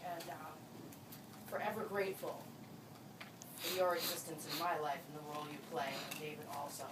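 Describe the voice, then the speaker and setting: A woman's voice: low-pitched, little pitch movement, brisk. A woman giving a heartfelt, tearful wedding toast as the bride's best friend, at a reception. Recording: distant echoey room with crowd noise.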